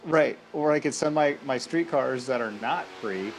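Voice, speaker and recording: A man's voice: medium pitch, moderate pace, rough recording. A man co-hosting a casual racing chat over a video call, laid-back, laughing easily and giving short agreeing replies. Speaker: podcast co-host.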